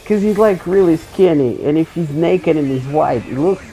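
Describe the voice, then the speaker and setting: A man's voice: on the high side, moderate pace, warm tone, rough recording. A man streaming a game and telling rambling, joking anecdotes in a loose, profane, casual way. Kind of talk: casual storytelling while gaming.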